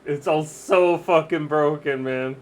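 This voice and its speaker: A man's voice: fairly high pitch, slow. A man streaming a game live, giving casual commentary with exasperated, swearing outbursts.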